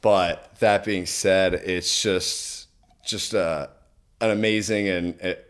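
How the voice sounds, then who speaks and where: A young American man co-hosting a podcast, speaking earnestly and gratefully with halting restarts. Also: deep voice, steady tone, fairly bright tone, clean tone. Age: young adult. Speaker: podcast co-host. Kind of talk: casual chat.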